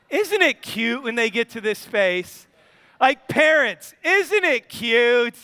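Man, pastor preaching, animated storytelling, smooth clear voice, long hall reverb. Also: very high voice, brisk. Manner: animated storytelling, acting out a child's voice. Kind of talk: sermon.

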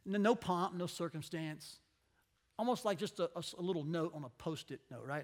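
A man's voice: high voice, a little fast. A man preaching a conversational sermon, telling a Bible story expressively and acting out the people in it.

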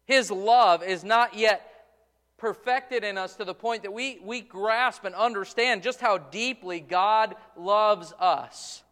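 A man's voice: high voice, slow pace, fairly bright tone, in a large hall. A man preaching a sermon in a church sanctuary, stressing his points and often repeating words as he goes. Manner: preaching with rising emphasis and frequent repeated words. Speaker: pastor.

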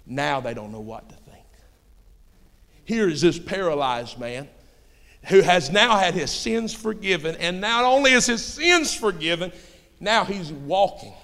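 A man preaching a sermon with folksy turns of phrase, swinging between shouting and hushed storytelling. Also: high-pitched, lively intonation, measured pace. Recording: long hall reverb.

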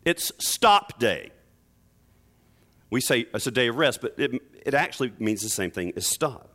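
A man preaching a sermon, moving between soft explanation and emphatic stresses. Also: medium pitch, brisk, breathy edge. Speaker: pastor.

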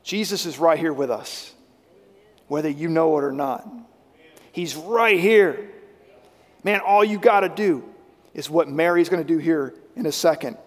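A man with a high voice preaches a sermon, rising to loud emphasis and then dropping to a hushed, intense delivery. His voice rings through a large hall with a long reverb tail. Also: a little slow, long pauses. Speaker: pastor.

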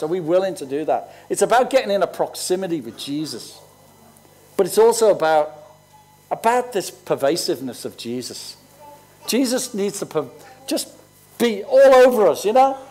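A man's voice: high-pitched, animated, normal speed, darkish tone. A man in his sixties, a pastor preaching conversationally and telling personal stories. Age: 60s.

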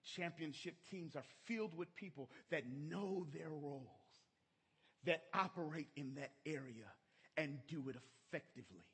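A man's voice: fairly high pitch, moderate pace, breathy edge. A middle-aged man preaching a sermon in church, telling a story emphatically. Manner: emphatic storytelling, rising to shouts.

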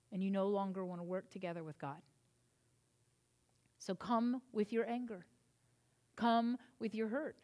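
Her voice mid-range, a woman pastor gives a sermon in church with earnest emphasis. She climbs in intensity before easing into softer words of reassurance.

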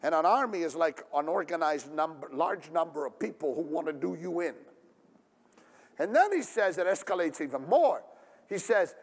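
Male pastor, high lively voice, emphatic sermon delivery with questions to the congregation, long hall reverb. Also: normal speed, vocal fry, slightly rough. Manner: animated, emphatic, asks the audience questions.

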